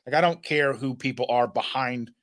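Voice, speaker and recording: A man's voice: medium pitch, normal speed. A man hosting a podcast, talking casually and rambling through his stories with frequent restarts and fillers. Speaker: podcast host. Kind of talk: casual chat.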